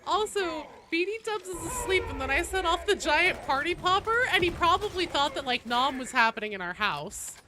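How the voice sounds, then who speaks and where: Excitable woman streamer with a cold. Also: extremely high pitch, moderate pace, hardly any pauses. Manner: excitable, exclamatory, swears and laughs often. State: has a cold. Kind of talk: live gaming stream chatter. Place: home room at a desk. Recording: noisy home stream audio.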